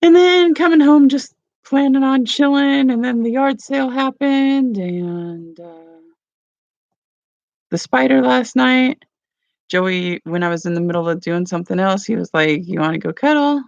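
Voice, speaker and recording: A woman's voice: sits high, unhurried, gravelly, a little mellow, dry recording. A woman rambling casually at home for her morning vlog, with lots of "like" and "you know.". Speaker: vlogger. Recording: dull lo-fi sound.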